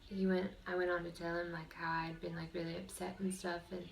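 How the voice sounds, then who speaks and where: A woman's voice: on the low side, flat delivery, fairly quick, creaky, slight background noise. A young woman vlogging from her bedroom, chatting casually to the camera with lots of fillers. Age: young adult. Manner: chatty, rambling, with many fillers.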